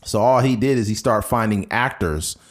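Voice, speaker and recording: A man's voice: on the low side, moderate pace. A young adult man hosting a podcast in a casual, profane chat, telling stories and slipping into mocking impressions. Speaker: podcast host.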